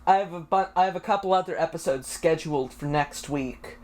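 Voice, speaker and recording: A man's voice: on the high side, brisk, darkish tone. A man hosting a casual interview podcast, giving dry, brief replies. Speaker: podcast host.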